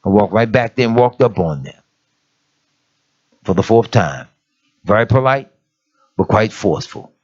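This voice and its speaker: A man's voice: lowish voice, lively intonation, unhurried, long pauses, a little mellow. A middle-aged man preaching a conversational sermon as an elder, emphatic and plain-spoken, calling out to his listeners. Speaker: elder of an assembly. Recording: dull lo-fi sermon recording.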